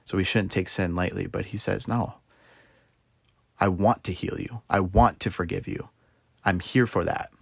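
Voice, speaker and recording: A man's voice: low voice, steady tone, normal speed, gravelly, long pauses, slightly rough, no room sound, clean studio sound. A young man giving an earnest, conversational devotional talk, often adding "you know" as he explains. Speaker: Christian speaker.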